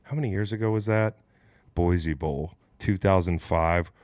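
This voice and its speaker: Low-voiced, animated man hosting a sports chat. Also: unhurried, no echo. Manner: animated, profane, joking. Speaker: podcast host.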